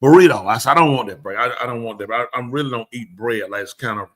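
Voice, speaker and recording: A man's voice: medium pitch, quick pace. A man, telling stories in a casual chat and acting out the quoted exchanges. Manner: animated, acts out quoted exchanges. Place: live show studio.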